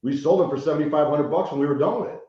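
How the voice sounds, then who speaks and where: Man from Chicago, interview guest, animated storytelling, swears a lot, very echoey room, muffled sound. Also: fairly high pitch, very fast. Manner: animated storyteller, swears freely, frequent "right?" tags. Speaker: guest, rehab consultant. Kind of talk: casual podcast interview.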